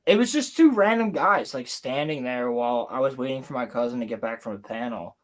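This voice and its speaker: A young man hosting a livestream from home, telling a story in an excited, rambling way with casual swearing. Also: medium pitch, fairly quick. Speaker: livestream host. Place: home, building Lego on stream.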